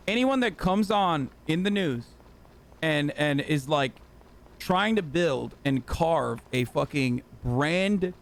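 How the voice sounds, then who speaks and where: A man hosting a livestream, ranting in heated, profane, sarcastic reaction commentary. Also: on the high side. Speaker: livestream host.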